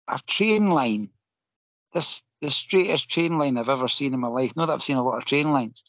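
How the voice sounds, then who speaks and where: Scottish man, animated storyteller, husky voice, slightly muffled remote recording. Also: mid-range voice, dry recording. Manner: animated, laughing often, emotional. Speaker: guest. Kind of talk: casual storytelling.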